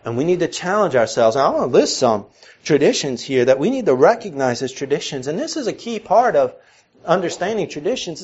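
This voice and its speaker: A man's voice: a little high, big pitch swings, a little fast, darkish tone, slightly rough, muffled recording. A man preaching a sermon to a congregation, with a mix of Northern and Southern American accent. He asks earnest questions and builds to emphatic peaks. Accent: mixed Northern and Southern American. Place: church before a congregation.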